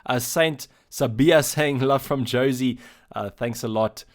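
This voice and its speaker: Speaking with a South African accent in a mid-range voice, a man runs a casual Q&A live stream. He reads out messages from the chat and answers them haltingly and loosely.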